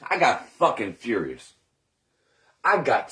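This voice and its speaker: Rambling, profane man with lively pitch. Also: takes it slowly, long pauses. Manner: rambling, profane, self-questioning. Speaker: recovering alcoholic telling his story. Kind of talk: candid personal monologue.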